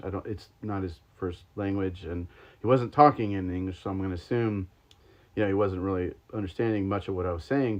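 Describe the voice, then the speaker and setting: A man with a low-pitched, darkish voice hosts a livestream where he tries sodas, rambling casually with lots of ums and likes. He's a podcast host, and the lo-fi stream audio is slightly dull.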